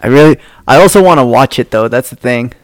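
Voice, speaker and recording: A man chatting casually while watching a fight, giving relaxed, laid-back reactions. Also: mid-range voice, fast talker, no room sound. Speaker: podcast co-host.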